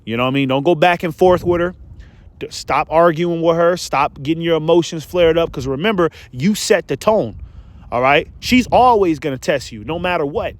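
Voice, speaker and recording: Man, casual street preaching, profane, repetitive fillers, earnest, slightly high voice, dry sound. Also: moderate pace, no echo. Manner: earnest, exhorting. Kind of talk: casual religious exhortation.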